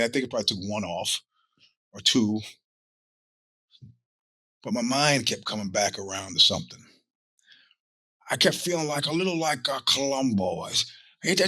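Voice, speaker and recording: A middle-aged man hosts his own show while sick with a cold. His voice is husky but bright and cutting. He tells rambling, profane stories in a dry, close recording. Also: medium pitch, dry recording. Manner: rambling, profane storytelling with acted-out quotes. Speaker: podcast host. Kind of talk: casual monologue.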